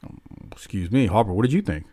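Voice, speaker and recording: Male podcast host, lively casual recap talk, dry studio mic. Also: on the low side, fast talker, no room sound. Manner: casual, lively, joking, swears. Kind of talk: casual wrestling recap chat.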